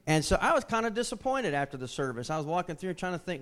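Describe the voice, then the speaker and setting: A man's voice: high voice, very animated, fast talker, few pauses, fairly bright tone. A middle-aged man preaching a sermon, telling a family story in a folksy way with many restarts. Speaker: pastor.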